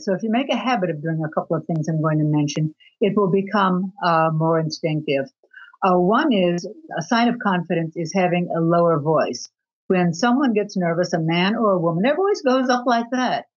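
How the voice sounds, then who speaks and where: A woman answering interview questions as a guest author on attraction, talking expressively with her pitch jumping up for emphasis. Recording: dull lo-fi recording.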